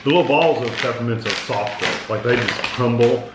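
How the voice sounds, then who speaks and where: Man co-host, easygoing snack describer, mid pitch, echoey room. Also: brisk. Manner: calm, descriptive, agreeable. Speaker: co-host of food review channel. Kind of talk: casual taste-test chat. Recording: roomy with faint noise.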